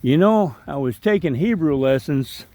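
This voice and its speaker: A man's voice: on the high side, expressive, moderate pace, dark tone, no room sound. A man with a Southern US accent narrating a rambling, chatty walkthrough of an outdoor park on a handheld camera. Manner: rambling, chatty, self-deprecating. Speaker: travel vlogger.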